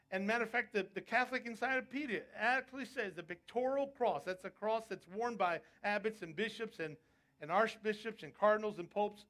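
A man's voice: high voice, a bit bright. A male preacher delivering a sermon, emphatic and asking his congregation rhetorical questions. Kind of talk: sermon on prophecy.

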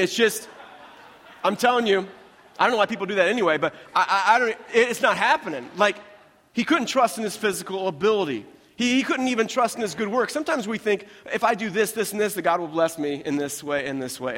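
A man preaches with a high, light voice, talking to the congregation in a loose, joking way full of quick asides. His words ring out with the long reverb of a large hall. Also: fairly bright tone. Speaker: pastor. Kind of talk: sermon.

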